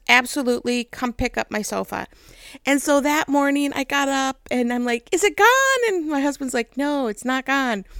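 Young woman rambling through a funny story, lots of laughing, kinda high voice, dry mic. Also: clean tone, no echo. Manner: chatty, laughing, animated quoted voices. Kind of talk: casual storytelling.

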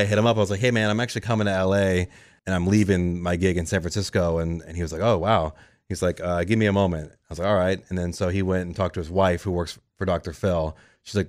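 Fast-talking deep-voiced man telling a story. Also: no echo, clean studio sound. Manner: animated, quotes people in lively voices. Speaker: radio show cast member. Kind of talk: conversational storytelling.

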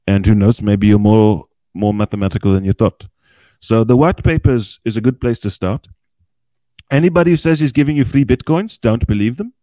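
A man on the low side, with a mellow voice and dry recording, appears as a podcast guest with a small group. He explains cryptocurrency in a chatty, folksy way, often checking in with "okay?".

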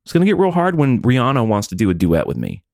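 A middle-aged man co-hosting a podcast, chatting casually in rambling, profane, animated stories. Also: mid-range voice, fast, no room sound, clean studio sound. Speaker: podcast co-host. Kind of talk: casual chat.

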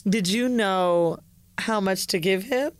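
A woman's voice: medium pitch, slow, no room sound. A woman co-hosting a casual podcast, talking bluntly and matter-of-factly. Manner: blunt, frank, matter-of-fact storyteller. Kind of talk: casual chat.

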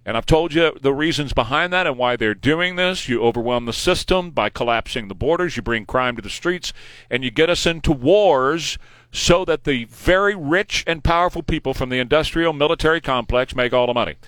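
A man's voice: medium pitch, a little fast, fairly bright tone, dry recording. A man in his forties with a Texan accent, hosting a political talk radio show in an emphatic, opinionated way, repeating points for emphasis. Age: 40s. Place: radio studio. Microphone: studio microphone.

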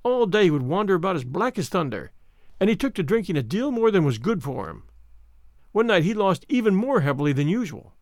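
A man narrating a story in the first person with a measured, expressive reading. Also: high voice, dry recording, clean studio sound. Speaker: audiobook narrator.

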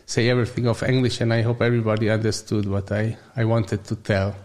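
A gym owner whose first language is Hungarian speaks English with a Hungarian accent as an interview guest, often halting and searching for words. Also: male voice, on the low side, level tone, darkish tone.

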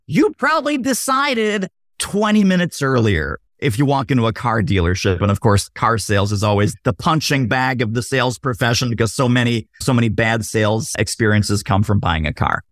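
A man appearing as a guest on a podcast, explaining sales with animated energy and acting out sample dialogue. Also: mid-range voice, moderate pace, no room sound, studio quality. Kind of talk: podcast interview.

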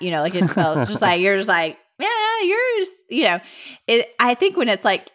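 Chatty Southern woman co-hosting a podcast. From Middle Tennessee. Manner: chatty, laughs easily, lively swoops in pitch. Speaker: podcast co-host. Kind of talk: casual chat.

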